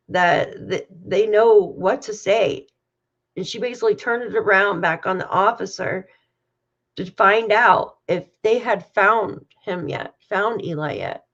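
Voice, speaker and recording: A woman's voice: medium pitch, fairly bright tone. A woman hosting a casual livestream who talks through tears, sighing and emotional. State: crying. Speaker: true crime channel host. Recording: dull lo-fi stream audio.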